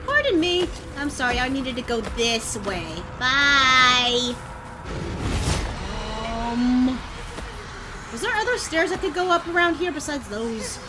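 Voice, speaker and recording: Woman streamer, high and animated, unhurried gameplay chatter over a noisy background. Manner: chatty, swings from mutters to sudden yells. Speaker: vtuber streamer. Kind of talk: gameplay commentary.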